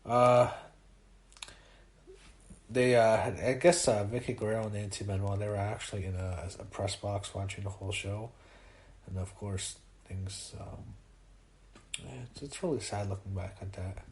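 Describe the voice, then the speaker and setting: A young man giving a casual spoken review, halting and full of fillers and restarts, audibly moved by what he describes. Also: lowish voice, steady tone, darkish tone.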